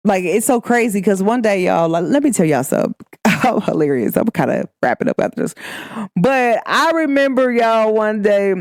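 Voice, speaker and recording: A woman's voice: on the low side, darkish tone, no echo, studio quality. A young American woman from Cincinnati with a Midwestern accent, hosting a podcast in a candid, emphatic, slangy monologue. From Cincinnati, Ohio, USA. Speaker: podcast host. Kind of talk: casual monologue.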